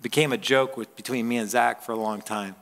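A man's voice: medium pitch, steady tone, a little fast, a bit bright. A male pastor preaching a conversational sermon, telling stories and laughing with the congregation. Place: church hall. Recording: long church hall reverb.

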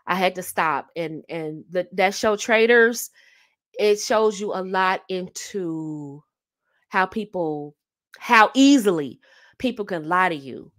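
A woman's voice: fairly low pitch, animated, takes it slowly, fairly bright tone. Emphatic woman giving dating advice. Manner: emphatic, repeats key phrases, rhetorical asides. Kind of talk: casual advice talk to camera.

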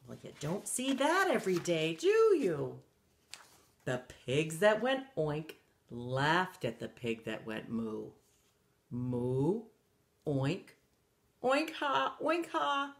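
A woman reading a picture book aloud to children, animated and stopping to ask her young listeners questions. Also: low-pitched. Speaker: children's story reader.

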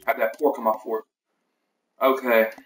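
A man's voice: medium pitch, flat delivery, a little slow, a bit bright, distant mic. A man hosting a casual livestream, rambling through team lineups with many fillers and self-corrections. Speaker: league host reviewing team depth charts. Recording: echoey room, voice off the mic.

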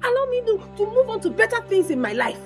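A woman's voice: extremely high pitch, sing-song, quick pace, soft background music. A Nigerian actress playing a haughty young woman who coldly lectures and dismisses her boyfriend. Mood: scornful. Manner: cold, scornful, lecturing. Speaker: actor. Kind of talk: film acting.

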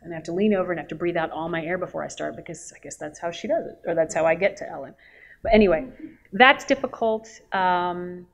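A woman voice actress on a convention panel, telling animated stories and acting out quotes with a laugh. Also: lowish voice, fast. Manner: lively, acts out quotes and laughs often. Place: convention hall.

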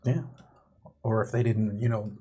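A man's voice: fairly low pitch, flat delivery, moderate pace, dark tone, slightly rough. A man playing a tabletop game, casual and joking. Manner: jokey, laughs often. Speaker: player.

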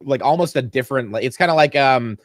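A man's voice: medium pitch, quick pace, dry recording, studio quality. A man co-hosting a TV podcast in casual chat, rambling with lots of fillers and swearing. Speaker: podcast co-host.

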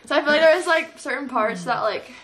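Young female vlogger, high voice, chatty, giggly, filler-heavy. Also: fast, fairly bright tone. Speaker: singer-songwriter and vlogger. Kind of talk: casual chat.

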